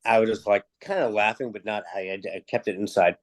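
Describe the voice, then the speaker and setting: A man's voice: lowish voice, quick pace. Male guest, casual storytelling, acts out what people said, swears a lot. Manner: animated anecdotes, acting out quoted dialogue, frequent swearing. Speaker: guest, music promoter.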